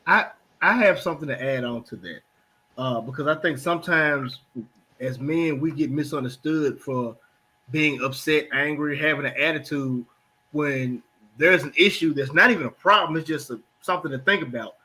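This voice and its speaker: Bright-voiced man explaining things earnestly. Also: fairly high pitch, normal speed. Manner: earnest, explains with acted-out everyday exchanges. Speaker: host. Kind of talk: casual panel talk.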